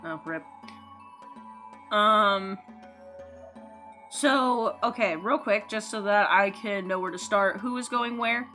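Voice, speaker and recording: Woman DM, bright, unhurried, chatty, call mic, faint music bed. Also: medium pitch. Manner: casual, lots of filler words. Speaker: dungeon master. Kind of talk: running a tabletop game online.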